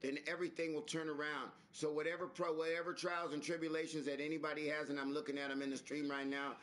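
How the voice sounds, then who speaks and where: A man hosting a live stream, talking in a preachy, repetitive, animated way with some swearing. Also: on the high side, quick pace. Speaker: stream host. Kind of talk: casual live-stream chat.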